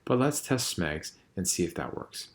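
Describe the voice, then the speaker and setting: A man voicing a calm, studious boy who explains things carefully. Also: sits low, normal speed. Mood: explaining.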